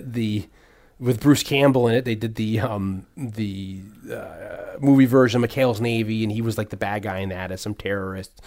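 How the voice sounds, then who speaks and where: A middle-aged man rambles casually through a movie podcast, restarting his sentences and leaning on fillers. His voice sits at an everyday middle pitch. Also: a little mellow. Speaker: podcast host.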